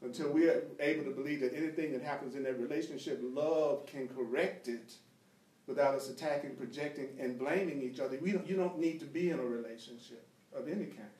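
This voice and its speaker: A man's voice: mid-range voice, brisk, darkish tone. Emphatic man teaching in an echoey room. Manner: emphatic, repeats phrases, breaks into laughter and jokes. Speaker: spiritual teacher leading a group class. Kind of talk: conversational spiritual teaching. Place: meeting room with a small group, streamed live. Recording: echoey room, mic at a distance.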